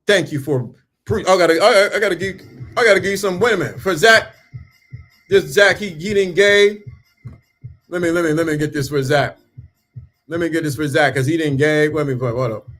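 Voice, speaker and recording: A blunt man in his fifties speaking hosts his own channel and lectures in a preachy, repetitive way. He mocks the people he is turning away and keeps circling back to the same lines. His voice sits a little high for a man. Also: normal speed, pauses often, fairly bright tone. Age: 50s. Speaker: channel host. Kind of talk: blunt motivational monologue.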